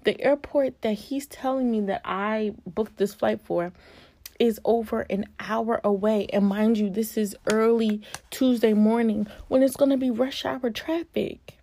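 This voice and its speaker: A woman in her early twenties from Virginia, vlogging a casual storytime with an animated, expressive delivery. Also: fairly high pitch, measured pace, no room sound. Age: early 20s.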